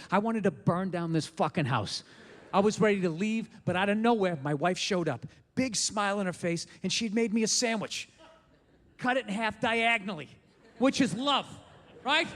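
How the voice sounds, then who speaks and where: A man doing a stand-up comedy rant, profane and bursting into shouts. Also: very high voice, big-room sound, a little hiss or hum.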